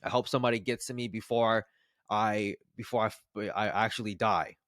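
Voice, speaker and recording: A man in his twenties casually telling a personal story to the camera, rambling and animated with frequent restarts. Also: lowish voice, fairly quick, no room sound, studio quality. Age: 20s. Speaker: vlogger.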